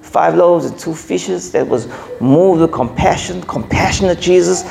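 A man's voice: on the high side, a little slow, creaky, darkish tone, slight background noise. A man preaching a sermon, emphatic and repetitive, with joking asides.

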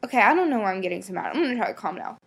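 A young woman hosts a solo podcast, chatting bluntly and casually with plenty of swearing and a flood of ums and likes as she rambles. Her mid-range voice is expressive, gravelly and a bit breathy, and she talks rapid-fire.

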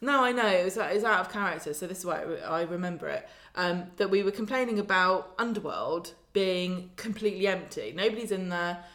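A woman's voice: fairly low pitch, a bit bright. A woman co-hosting a casual chat, recapping a soap episode and acting out its characters' lines. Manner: chatty, acts out lines in quick put-on voices. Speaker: podcast co-host.

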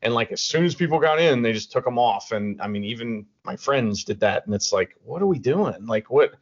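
A man's voice: medium pitch, lively intonation, brisk. A man co-hosting a podcast in casual chat, ranting with lots of profanity and restarts. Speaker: podcast co-host. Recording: dull lo-fi audio.

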